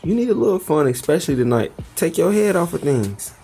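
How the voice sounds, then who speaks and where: A woman voicing a cocky young male college student with a husky, smooth-talking, coaxing manner. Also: on the low side, very animated, brisk, over music.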